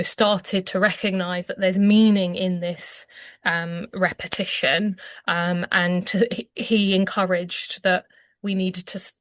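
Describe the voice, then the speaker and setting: A woman's voice: medium pitch, no room sound. A woman, a clinician explaining language development as an interview guest, hesitant with many ums and restarts. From England.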